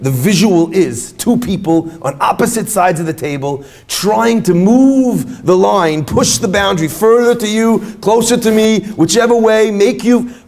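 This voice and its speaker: A man giving an inspirational talk to an audience, telling stories and joking with the crowd. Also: high-pitched. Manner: animated storyteller, jokes with the crowd. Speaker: speaker at a retreat.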